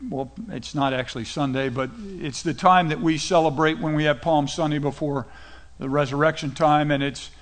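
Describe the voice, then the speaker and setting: Middle-aged male pastor, high-pitched, casual storytelling sermon delivery. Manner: conversational preaching, retells scripture in casual paraphrase.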